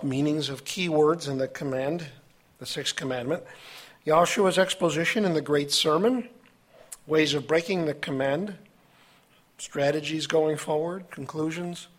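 Higher-voiced man preaching a sermon. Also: fairly bright tone. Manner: reads scripture aloud with spoken asides; halting, with fillers and self-corrections.

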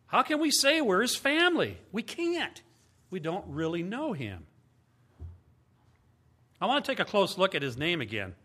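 A man's voice: high-pitched, wildly swooping pitch, normal speed, long pauses, bright, forceful tone. A man giving a teaching sermon as a Bible teacher, speaking emphatically and explaining step by step with rhetorical questions.

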